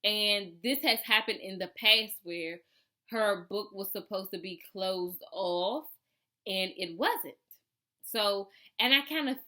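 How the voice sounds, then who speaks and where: A woman telling a casual storytime to her followers, chatty and animated, acting out her own reactions. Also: mid-range voice. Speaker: vlogger.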